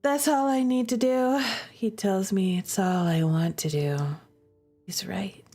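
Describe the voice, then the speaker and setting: A woman's voice: mid-range voice, measured pace, warm tone, voice pushed down. Woman reading a weary captive girl, drowsy, half-whispered, faint music behind. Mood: dazed, wistful. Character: dazed, weary young woman held captive. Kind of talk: reading game dialogue aloud.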